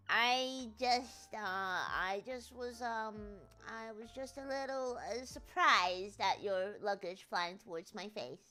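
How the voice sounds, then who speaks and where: A woman's voice: on the high side, normal speed, few pauses, bright, forceful tone, faint music behind. A woman VTuber streamer telling a travel story in rambling, chatty casual talk, laughing often at herself. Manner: rambling, chatty, self-deprecating with frequent laughs.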